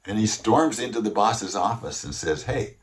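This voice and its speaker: Deep voiced guy doing a motivational talk, emphatic, slows down to hammer points home. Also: lively intonation. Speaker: host, motivational speaker.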